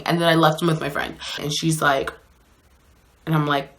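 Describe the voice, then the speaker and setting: Low-voiced chatty woman telling a story. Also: little pitch movement, moderate pace, fairly bright tone. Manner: chatty, slangy, lots of "like" and "so anyways". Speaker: vlogger telling a dating story. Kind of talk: casual storytime.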